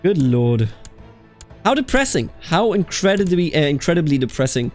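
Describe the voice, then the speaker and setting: At a normal pace and on the high side, this Bavarian host of a strategy game let's play reads game events aloud and chats casually over soft background music. His manner is animated, with exasperated outbursts, and he calls people "dude."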